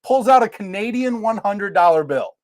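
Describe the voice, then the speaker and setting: A man from Iowa co-hosting a casual drinking podcast, telling a lively story and acting out the people in it. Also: high-pitched, normal speed, no room sound. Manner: animated storyteller acting out quotes. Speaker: podcast co-host.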